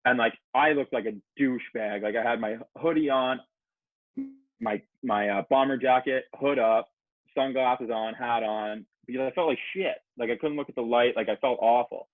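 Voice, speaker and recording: A podcast guest with a mid-range voice, talking at normal speed, tells a long, profane, rambling story in casual chat, acting out quoted back-and-forth and dropping plenty of filler words. The recording is dry, with a narrow, phone-like sound.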